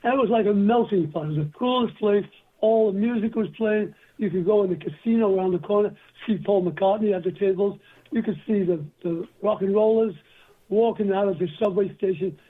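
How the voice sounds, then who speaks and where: Here an older English interview guest, recorded by phone, tells stories that drift and ramble in classic anecdotal fashion. He has a high-pitched, slightly rough voice.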